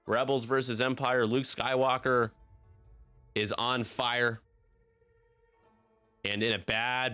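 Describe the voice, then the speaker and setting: Gravelly, bright-voiced man commentating. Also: fairly low pitch, no echo. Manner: joking, self-deprecating. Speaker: league commentator. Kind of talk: live stream game commentary.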